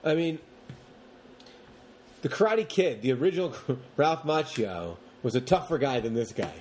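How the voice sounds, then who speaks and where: A man co-hosting a podcast, chatting casually about movies in long, animated rants and mocking the characters as he goes. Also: medium pitch, unhurried, a little hiss or hum. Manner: rambling, animated rants with mocking put-on quotes. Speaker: podcast co-host.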